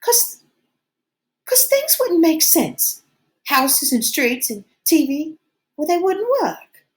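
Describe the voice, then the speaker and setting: Audiobook: woman doing nervy, fussy schoolboy, high and squeaky, pleading. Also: very animated, takes it slowly, full character voice. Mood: anxious. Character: anxious fat schoolboy with asthma, fussy. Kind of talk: audiobook reading.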